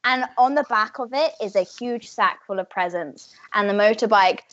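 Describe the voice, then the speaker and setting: A woman's voice: medium pitch, normal speed, a bit bright, no echo, lo-fi sound. A woman narrating a tabletop game as game master, telling the story vividly and without hurry.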